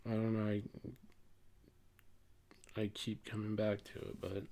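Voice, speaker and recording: A young man vlogging casually to camera, talking in a halting monotone that he admits to himself, swearing often and trailing off with fillers. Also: on the low side, vocal fry. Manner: slow, halting, monotone delivery.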